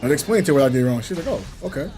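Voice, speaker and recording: With faint music behind him, a young gaming host races through his thoughts in an expressive, mid-range, slightly mellow voice. It's casual, reflective talk while playing, loose and rambling, broken up by chuckles.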